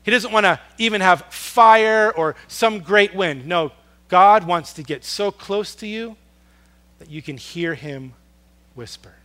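Bright-voiced preacher man, hushed to booming. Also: a little slow. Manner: dramatic swings in loudness, dropping to a hush on soft words; earnest, storytelling. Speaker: pastor. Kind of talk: sermon.

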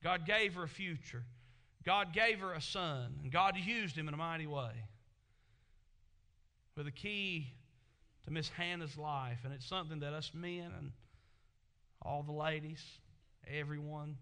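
A man preaching a sermon as pastor, emphatic and rising to loud exclamations. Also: on the high side, unhurried, pauses often.

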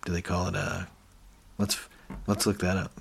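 A man's voice: deep voice, monotone, moderate pace, gravelly, a little hiss or hum. A man co-hosting a podcast, casually retelling TV scenes and quoting characters. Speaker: podcast co-host. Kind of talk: casual recap chat.

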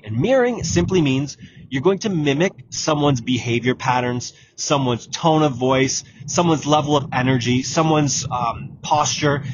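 A man hosts a solo podcast and coaches listeners in a direct way, repeating his key points. His voice sits a little high. The audio is dull and lo-fi, with steady noise underneath. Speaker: exam prep podcast host. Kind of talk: solo podcast advice talk.

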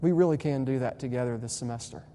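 A young man preaching a sermon to students as their pastor. He moves from quiet, tender stretches to loud, fervent exhortation. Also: mid-range voice, fast. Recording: long hall reverb, faint hum.

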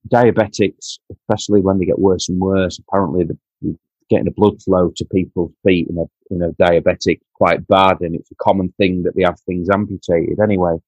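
Guy, lowish voice, a bit husky, stumbles and repeats himself telling a personal story, dull dry lo-fi sound. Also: fairly even intonation, no room sound. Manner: halting, repeats words, quiet and choked in emotional parts.

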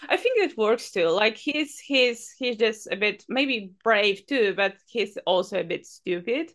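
A woman's voice: medium pitch, expressive, fairly bright tone. A woman co-hosting a podcast, chatting casually and hesitantly about a TV episode, using lots of fillers. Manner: unhurried, hesitant, many fillers, giggles. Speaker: podcast co-host. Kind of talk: casual episode review chat.

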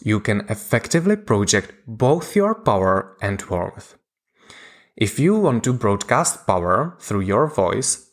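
A man with a lowish voice narrates a scripted lesson like a communication coach. He talks slowly and deliberately, pausing between points. His pitch moves a lot from phrase to phrase.

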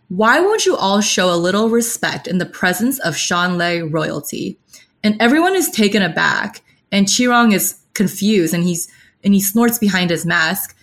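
A woman co-hosting a podcast, recapping a novel in a casual and animated way, reading out characters' lines with dramatic flair. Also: fairly low pitch, moderate pace. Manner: animated storytelling, adds dramatic sound effects. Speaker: podcast co-host.

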